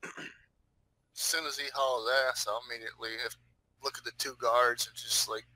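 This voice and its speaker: A man playing a tabletop game, describing his character's actions in a casual, animated way. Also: medium pitch, normal speed, dry recording, rough recording. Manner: lively, animated, laughing. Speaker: player.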